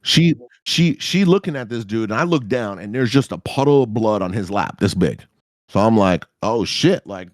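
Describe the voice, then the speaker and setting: A man spins a crude story as a podcast host, his pitch leaping around as he acts out his own reactions. He talks casually and swears freely. The sound is dry and close, with no room in it. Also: normal speed, no echo. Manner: animated, profane, jumps into high-pitched reactions.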